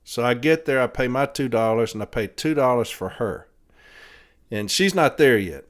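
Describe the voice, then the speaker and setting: A man's voice: mid-range voice, lively intonation, normal speed. A man hosting a podcast, telling a long rambling story in a casual way, laughing between phrases and swearing freely. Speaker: podcast host.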